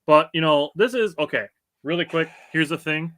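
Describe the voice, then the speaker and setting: A man's voice: on the high side, moderate pace, fairly bright tone, no room sound. A man co-hosting a sports podcast in casual chat, laughing often and reading out listener comments. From United States. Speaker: podcast co-host.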